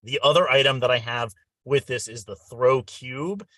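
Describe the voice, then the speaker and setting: A man's voice: mid-range voice, moderate pace, a bit bright, no room sound. A man hosting a live radio-hobby show, explaining gear in a practical, matter-of-fact way with some fillers. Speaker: host. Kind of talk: casual show-and-tell chat.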